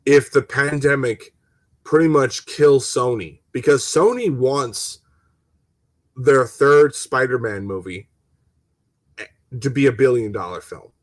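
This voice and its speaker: A man's voice: mid-range voice, slow pace, long pauses, no echo. A man hosting a gaming channel, ranting heatedly on a casual live stream, swearing and stumbling over restarts while answering viewers' comments. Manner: talks to viewers and reads chat comments.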